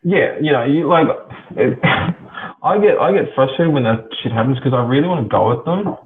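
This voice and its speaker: A man's voice: medium pitch, expressive, normal speed. A man in casual conversation, talking frankly with plenty of swearing. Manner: frank, profane, heated about his subject. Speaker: podcast guest. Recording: phone-like audio with faint noise.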